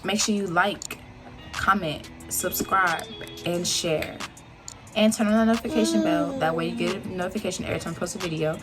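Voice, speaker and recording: A woman's voice: lowish voice, a little fast, music in the background. A young woman, a college student, giving chatty and emphatic advice in a casual vlog. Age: young adult.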